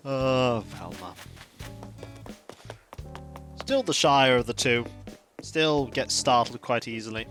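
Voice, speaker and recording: A streamer giving relaxed, chatty commentary while playing a cozy game. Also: mid-range voice, takes it slowly, long pauses. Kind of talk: casual gaming commentary. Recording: faint game music behind.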